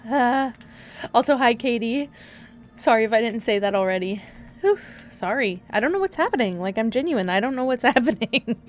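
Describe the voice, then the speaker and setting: A young woman streaming live and chatting casually, teary and sniffly from crying, rambling and flustered as she laughs at herself. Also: on the high side. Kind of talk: casual live-stream chat while gaming. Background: faint background music.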